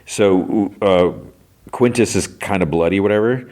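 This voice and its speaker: Podcast host, man, very low voice, loose rambling recap, lots of fillers. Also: a little slow, a little mellow. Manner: rambling, hesitant, lots of "like" and "you know". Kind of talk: casual episode recap.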